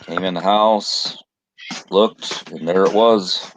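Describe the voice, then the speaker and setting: A man in a casual chat, talking in a hesitant, halting way. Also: low voice, fairly even intonation, slight background noise.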